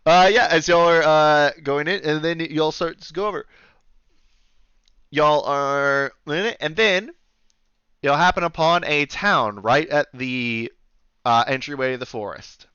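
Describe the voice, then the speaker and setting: A man's voice: a little high, a little slow, bright, forceful tone, smooth, no room sound. Male game master, casual narration, on a dry, slightly muffled mic. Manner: loose, swearing, drawling "y'all".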